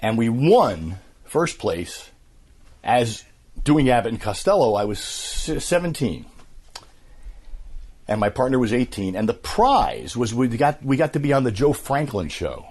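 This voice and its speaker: A man in his fifties, a voice actor, telling stories in a casual interview with an animated, filler-laden manner. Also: medium pitch, unhurried, slightly rough. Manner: animated storyteller, many fillers. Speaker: voice actor, guest.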